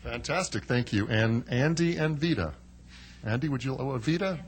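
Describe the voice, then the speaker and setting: A man's voice: mid-range voice, animated, normal speed. A man presenting proclamations at a council meeting, in a genial, joking manner with frequent fillers. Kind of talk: ceremonial remarks.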